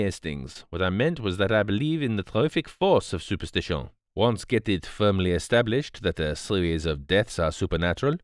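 A man voicing a calm, precise male detective who explains in a placid, grave, measured way. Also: fairly low pitch, no echo, clean studio sound.

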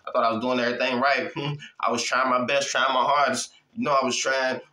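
A man's voice: mid-range voice, little pitch movement, brisk, bright, forceful tone, echoey room, voice pushed down, lightly acted. A grumbling man whining at God, as a preacher puts him on. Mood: aggrieved.

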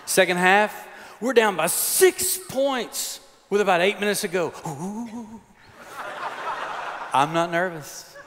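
Man in his sixties, chapel sermon, folksy humorous stories, fairly high voice. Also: a little slow, a bit bright, slight background noise. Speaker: preacher. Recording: long hall reverb.

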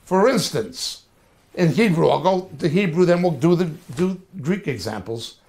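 A man teaching a lecture on biblical languages, slow and deliberate, repeating terms to drill them in. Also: a little high, animated, a little mellow. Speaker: Bible teacher.

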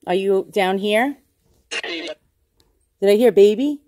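A woman casually talking through a ghost hunting session at home, asking slow questions aloud with pauses in between. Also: mid-range voice, expressive, warm tone, a little hiss or hum. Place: indoors at home with a dog nearby.

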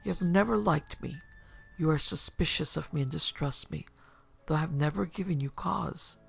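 A woman's voice: sits low, moderate pace, vocal fry, husky, soft background music, heavily acted. A woman voicing a cold, strong-willed young lady who speaks in a hard, scornful way. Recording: dull lo-fi recording.

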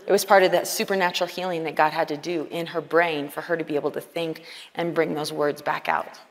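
Woman, sermon, lowish voice, conversational preaching, long hall reverb. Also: steady tone, a little fast, vocal fry. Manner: earnest, conversational preaching with quoted dialogue. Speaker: conference speaker. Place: large conference hall.

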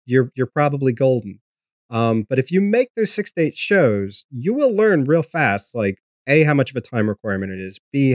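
A man's voice: medium pitch, dry recording, clean studio sound. A man, a podcast host, answering questions in a casual, rambling way, with lots of ums and restarts. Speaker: podcast host being interviewed. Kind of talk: casual conversational interview.

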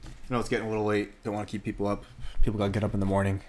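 A man with a lowish voice talks at a racing clip over a faint hiss or hum. He's hosting a casual card break stream, opening packs while he jokes around and chats. His livestream commentary is animated and playful, broken up by frequent laughter.

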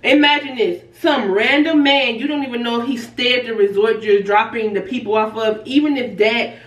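A woman's voice: on the high side, normal speed. Woman telling a story, laughing, far in a roomy space. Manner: animated, laughs while telling, acts out quoted voices. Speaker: vlogger. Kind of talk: casual storytelling. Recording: roomy and a bit distant from the mic.

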